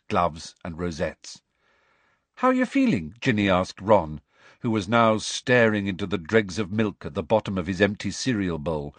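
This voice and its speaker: A man's voice: low voice, no room sound. A man narrating an audiobook expressively, acting out every character. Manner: animated, acts out the dialogue.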